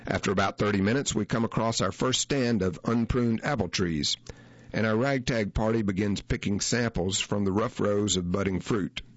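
A man reading a first-person feature story aloud in a measured, unhurried way. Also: lowish voice, no room sound, muffled recording. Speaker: narrator.

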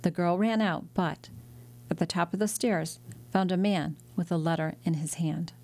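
A woman reads a classic novel aloud in a measured, steady manner. Her voice sits on the lower side. She tells the story as scripted audiobook narration. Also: dry recording.

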